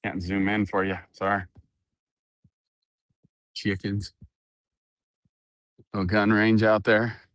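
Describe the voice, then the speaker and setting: A man's voice: fairly low pitch, flat delivery, slow, pauses often, fairly bright tone, no room sound, studio quality. A middle-aged man chatting casually through an earbud mic while walking around his ranch outdoors, laughing often and cooing at his dogs. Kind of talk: casual walk-around vlog.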